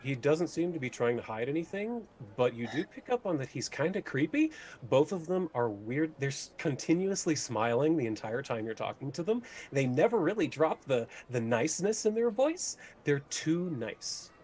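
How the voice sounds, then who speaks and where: A man's voice: fairly high pitch, sing-song, normal speed, darkish tone, a little hiss or hum. A man running a tabletop game as game master, describing scenes with many hesitations.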